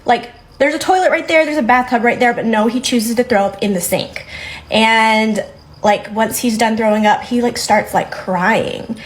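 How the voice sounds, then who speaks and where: A woman's voice: fairly high pitch, normal speed, rough recording. Young woman rambling through a story. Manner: chatty, rambling retelling. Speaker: storyteller recounting a date. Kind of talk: casual story to camera.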